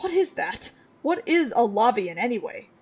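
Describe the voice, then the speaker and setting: A woman's voice: fairly high pitch, big pitch swings, normal speed, darkish tone, slightly rough, soft background music. A woman voicing a sincere young human boy, earnest and apologetic.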